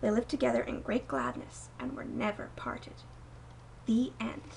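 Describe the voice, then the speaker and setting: Gentle young woman reading a storybook aloud. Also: fairly high pitch, unhurried, gravelly, far from the mic, a little hiss or hum, low-quality recording. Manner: gentle, expressive read-aloud with soft dips for quoted lines. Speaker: storybook reader. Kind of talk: reading a picture book aloud.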